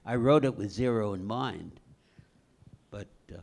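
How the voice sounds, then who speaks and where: Gravelly older man, halting recollection. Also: on the low side, darkish tone. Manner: slow, halting, with many "uh" pauses. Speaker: screenwriter guest. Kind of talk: reminiscing on stage.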